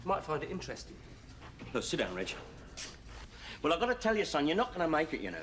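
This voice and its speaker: An actor playing a wry, streetwise convict, chatty and coaxing in a television sitcom. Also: male voice, fairly high pitch, huge pitch swings, quick pace, fairly bright tone, a little hiss or hum. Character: wry cocky middle-aged London convict. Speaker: prisoner. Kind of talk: 1970s TV sitcom acting.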